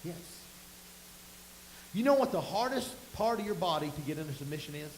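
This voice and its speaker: High-voiced preacher, folksy sermon. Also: male voice, lively intonation, brisk. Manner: folksy storytelling, rising to emphatic bursts. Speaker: pastor. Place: church sanctuary. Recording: echoey room with faint hiss.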